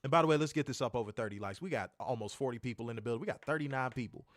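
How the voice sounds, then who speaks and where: A man co-hosting a casual livestream, loud and joking. He swears freely, laughs often and swings from shouts down to mutters. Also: mid-range voice, very fast, no room sound, studio quality. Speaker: livestream co-host.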